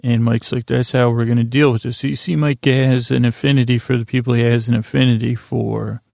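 A man hosting a sleep podcast, recapping a story in a rambling, halting way with many fillers. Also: mid-range voice, level tone, vocal fry, a little mellow, no room sound, clean studio sound. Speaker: podcast host.

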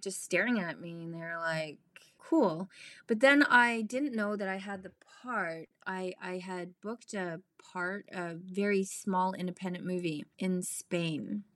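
A woman actress telling stories as a podcast guest, animated and laughing, acting out the voices of people she quotes. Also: medium pitch, no echo, clean studio sound. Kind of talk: casual storytelling interview.

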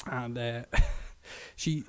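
A man's voice: medium pitch, steady tone, very slow, clear, resonant tone, dry recording. Irish man telling a swearing story. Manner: swearing, laughing, acts out quotes in a raised voice. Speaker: podcast co-host. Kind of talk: casual chat, storytelling.

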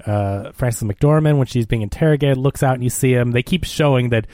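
Guy chatting about a movie, dry close mic, middle pitch, laughs a lot. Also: fairly quick, dry recording. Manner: animated retelling with laughs. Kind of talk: casual film discussion.

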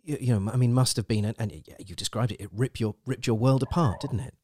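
A man hosting a podcast interview, speaking gently and hesitantly, often repeating words as he frames his questions. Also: medium pitch, quick pace, no room sound, studio quality. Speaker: podcast host.

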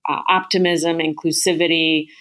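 Woman, low voice, marketing executive, upbeat interview guest, thoughtful, some fillers. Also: flat delivery, moderate pace, fairly bright tone. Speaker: chief marketing officer, guest. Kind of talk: business interview.

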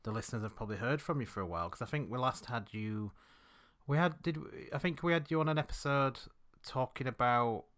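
A man's voice: medium pitch, fairly quick, a bit bright. A man from the UK, hosting a casual podcast chat in a chatty, rambling way with many hesitations. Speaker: podcast host.

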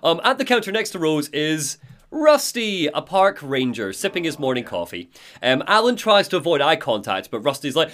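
A man retelling a game's story on a casual podcast, laughing often. His pitch jumps around in lively swoops. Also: moderate pace. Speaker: podcast co-host retelling a game. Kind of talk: casual chat.

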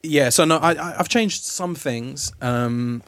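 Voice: mid-range voice, slow, a bit bright. A podcast host, chatting casually in a studio, cheeky and sweary, slipping into playful voices to quote people. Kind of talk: casual chat.

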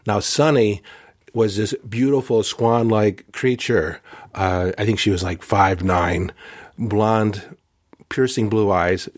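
A man casually telling a personal story in a candid, self-deprecating way, with fillers and quick asides. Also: on the low side, no room sound, studio quality. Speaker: host recounting a personal lesson.

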